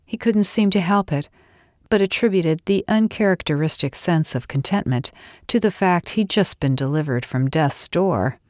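A woman with a low voice reads a romance novel in a steady, intimate way. The sound is close and dry, with no room around it. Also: normal speed, no room sound. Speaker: audiobook narrator. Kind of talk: scripted narration.

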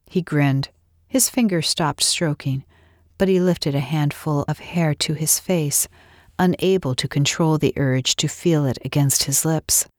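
A woman narrating a romance audiobook in a steady, intimate reading. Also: low voice, unhurried, no echo, clean studio sound. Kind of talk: scripted narration.

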